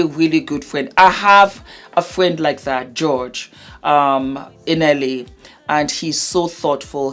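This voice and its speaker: A woman casually recapping a reality show, animated and laughing often as she acts out what people said. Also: low voice.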